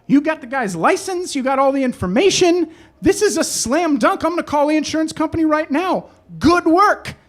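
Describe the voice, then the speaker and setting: A man voicing a brisk, upbeat taxi garage boss. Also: extremely high pitch, animated, a bit bright, voice pushed up. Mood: cheerful. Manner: brisk, cheerful.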